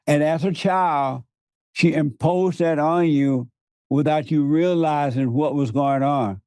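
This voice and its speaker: A man's voice: on the high side, slow, warm tone, clean tone, dry recording. A man preaching to his interviewer in an emphatic, repetitive way, laughing often. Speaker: guest.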